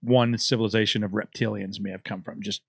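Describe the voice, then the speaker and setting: Man, podcast host, casual chat, halting, dry close sound. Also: fairly low pitch, fairly even intonation, creaky, a bit bright, slightly rough, no room sound. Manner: musing, halting, many restarts.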